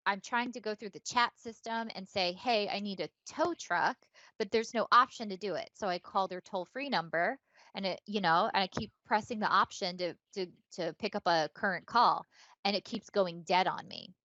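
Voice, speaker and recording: A woman's voice: medium pitch, moderate pace, sharp tone, no room sound. Rambling woman telling a story, lo-fi. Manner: rambling, filler-heavy and profane. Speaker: podcast co-host. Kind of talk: casual storytelling chat. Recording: dull lo-fi dry sound.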